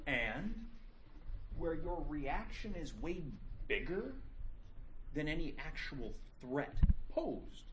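A man's voice: on the high side, noisy background. A middle-aged man teaching a class, lecturing casually and telling stories with jokes. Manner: casual, joking storyteller.

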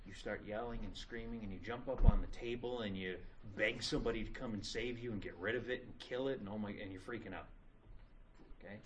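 A middle-aged man lectures a classroom in a casual, joking way, swinging his pitch up and down as he tells stories. A faint room hum sits under his voice. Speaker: teacher.

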